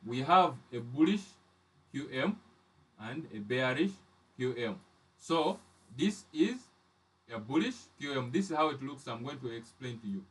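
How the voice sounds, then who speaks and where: A man's voice: mid-range voice, big pitch swings, a little slow, pauses often, a bit bright, distant mic. A man teaching trading charts step by step, often repeating and restarting his phrases. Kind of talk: live chart lesson.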